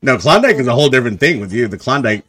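A man's voice: medium pitch, expressive, racing, fairly bright tone, dry recording. A man co-hosting a podcast in casual banter, joking and rambling, laughing often. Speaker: podcast co-host.

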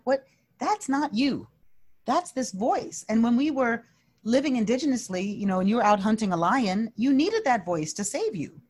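A woman speaking as a wellness guest in a conversational interview, earnest and energetic, with frequent restarts and fillers. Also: on the high side, slightly rough.

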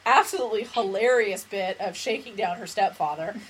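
A woman's voice: medium pitch, a little fast, poor audio. A woman co-hosting a podcast in casual chat, telling long rambling stories and laughing as she goes. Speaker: podcast co-host. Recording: faint background noise.

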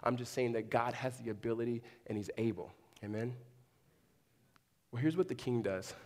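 A pastor preaches a sermon to a congregation in a large church hall, keeping his tone conversational and slipping in dry, humorous asides. His voice is medium-pitched and a little mellow, at a moderate pace, and the big hall adds a long reverb.

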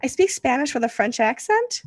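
A woman in her forties hosting a podcast interview, chatty and quick to laugh. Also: high-pitched, very animated, no echo. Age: 40s. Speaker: podcast host. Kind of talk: casual interview chat.

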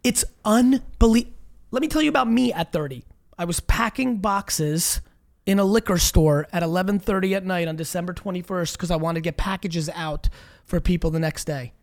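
Gravelly woman host, emphatic and eager. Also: fairly low pitch, normal speed, darkish tone. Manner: emphatic, eager, repeats phrases for stress. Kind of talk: casual live interview chat.

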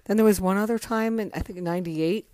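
An overtired woman rambles through stories on her podcast from home, fast and medium-pitched, her darkish voice recorded clean with no echo. She keeps correcting herself mid-thought and acts out the quotes in this casual storytelling monologue.

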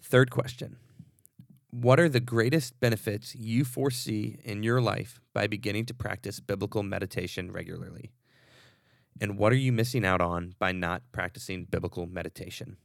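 A relaxed male podcast host who talks with easy, affirming fillers. His voice is low and gravelly with plenty of fry. It is recorded close and dry, with no room sound. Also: normal speed, no room sound. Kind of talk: casual podcast talk.

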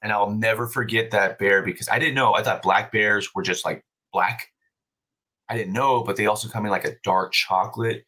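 A man with a fairly low, bright and forceful voice tells a story as a podcast guest. His talk is loose and casual, sprinkled with swearing and quick laughs. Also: fairly even intonation. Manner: loose, profane, laughs often.

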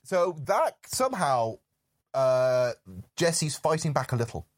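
A podcast co-host in a casual film discussion, talking in an animated, rambling way full of "like" and "literally", with swearing. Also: mid-range voice, slow.

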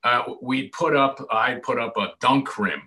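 Bright-voiced man telling stories. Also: mid-range voice, unhurried. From upstate New York. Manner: animated storyteller, acts out quoted voices. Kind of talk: casual chat.

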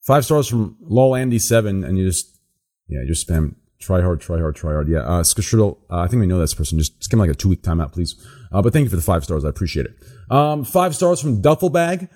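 A man's voice: low voice, darkish tone. A man co-hosting a podcast, reading listener reviews aloud in a laid-back, rambling way with repeated words and casual swearing.

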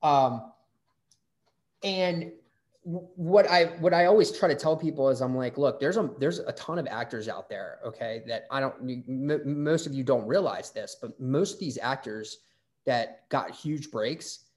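A man's voice: mid-range voice, measured pace. Rambling, salty middle-aged male host. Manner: rambling, profane, lively storyteller. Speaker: podcast host. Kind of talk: casual interview chat.

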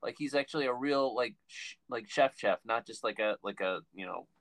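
A man hosting a laid-back podcast, telling rambling stories that keep stopping and restarting. His voice sits at an ordinary middle pitch, and he talks in a loose, conversational way. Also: normal speed, a bit bright, no room sound, rough recording. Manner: rambling, self-interrupting storyteller. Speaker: podcast host. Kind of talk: casual interview chat.

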